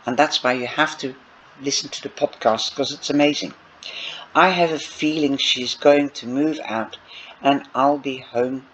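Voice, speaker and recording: A man's voice: medium pitch, measured pace, fairly bright tone. A man reading a novel aloud and breaking off for chatty asides to his listeners, in a dull lo-fi recording. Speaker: audiobook reader. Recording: dull lo-fi recording with faint noise.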